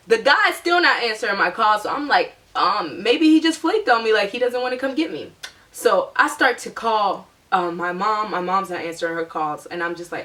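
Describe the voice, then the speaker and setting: A young adult woman telling a personal story to her viewers in a chatty, animated way, with lots of "like". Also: mid-range voice, brisk, distant mic. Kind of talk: casual storytime monologue.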